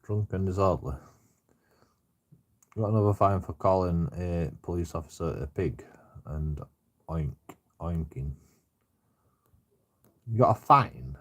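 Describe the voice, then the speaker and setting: Man, low and husky, loose rambling storyteller who swears constantly and leans on fillers. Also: measured pace, long pauses, fairly bright tone. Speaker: storyteller recounting his own troubles. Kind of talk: casual rambling monologue.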